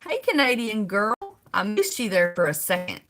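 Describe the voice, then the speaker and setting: A woman's voice: medium pitch, very animated, moderate pace, a bit bright. A middle-aged woman hosting a casual livestream, greeting viewers by name and laughing often. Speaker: livestream host.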